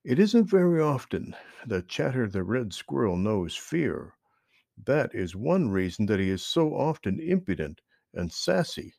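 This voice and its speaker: A man reading a children's animal story aloud in an expressive storytelling voice. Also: medium pitch, a little slow, gravelly, dry recording, studio quality.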